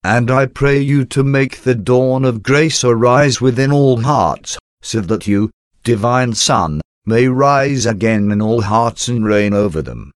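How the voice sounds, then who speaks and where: A man giving a slow, solemn, reverent devotional prayer reading. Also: medium pitch, no room sound, clean studio sound. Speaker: devotional reader.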